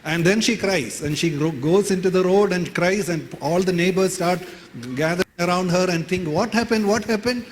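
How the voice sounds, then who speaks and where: A man with an Indian English accent preaches in a plain, conversational way, repeating his key phrases. His voice sits a little high for a man. It rings with a long reverb in the church hall, with a faint hiss underneath. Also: steady tone, moderate pace. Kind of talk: sermon.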